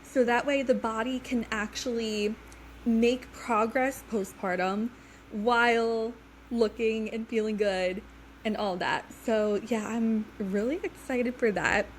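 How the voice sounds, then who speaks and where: A woman's voice: a little high, steady tone, takes it slowly, slight background noise, low-quality recording. A young woman hosting a casual interview, chatty and upbeat, heavily pregnant. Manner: chatty, upbeat, frequent "like" and "mm-hmm". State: heavily pregnant, due today. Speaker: podcast host.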